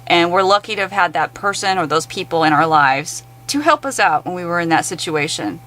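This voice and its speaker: A woman's voice: on the low side, animated, brisk, hardly any pauses, bright, forceful tone, low-quality recording. A woman in an angry, blunt, profane rant to camera. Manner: blunt, heavily profane, exasperated.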